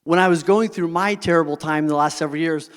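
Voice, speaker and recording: A man's voice: on the high side, fast, clean tone. A middle-aged man giving a heartfelt motivational talk to a live audience, sharing personal stories and often checking that listeners are with him. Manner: earnest, keeps checking in with the audience. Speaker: motivational speaker. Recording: long hall reverb.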